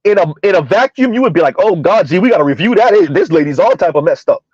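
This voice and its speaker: A high-voiced man delivers sarcastic reaction commentary with heavy emphasis. He slows down to stress phrases and keeps checking in with a rhetorical "huh?". The recording is dry and a little muffled. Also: animated, a little mellow, husky, no room sound. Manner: emphatic, sarcastic, drawn-out repetition with frequent "huh?". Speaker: commentary channel host. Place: South Florida.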